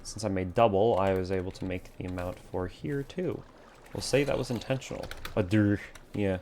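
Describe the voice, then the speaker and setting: A man streaming a game from a warm room at home, muttering to himself as he builds and chatting with viewers. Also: sits low, moderate pace, a little hiss or hum. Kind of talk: casual live-stream chatter while playing.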